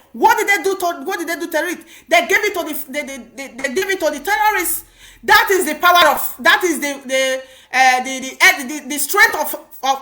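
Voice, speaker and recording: A woman's voice: very high-pitched, bright, forceful tone. A woman with a Nigerian Pidgin English accent giving impassioned political commentary, emphatic and repetitive with many restarts.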